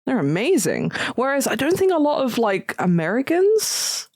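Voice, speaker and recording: A woman's voice: high voice, sing-song, normal speed, darkish tone, dry recording, clean studio sound. A woman co-hosting a podcast in casual chat, hesitant and laughing, with many restarts. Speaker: podcast co-host.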